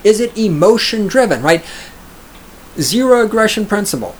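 A man's voice: sits high, big pitch swings, moderate pace, a little hiss or hum. A man reading an article aloud and reacting to it in casual commentary, profane and sarcastic, often mocking others in a raised put-on voice.

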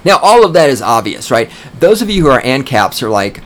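A man hosting a podcast, delivering an emphatic, opinionated monologue with swearing, slowing down to stress key points. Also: mid-range voice, big pitch swings, a little hiss or hum. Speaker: podcast host.

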